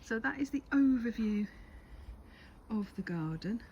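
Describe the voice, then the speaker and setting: Strolling through her home garden, an older gardening vlogger chats in a lively, sing-song voice that's a little high, at a moderate pace. She keeps slipping into a confiding half-whisper between bright remarks and coos at her cat. A faint outdoor hush and slight hiss or hum sit behind her.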